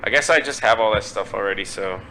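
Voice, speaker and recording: A man's voice: on the low side, fast, a loud crowd, rough recording. A man chatting over a headset call, complaining in an exasperated way and swearing. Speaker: guest on stream. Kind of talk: casual voice chat.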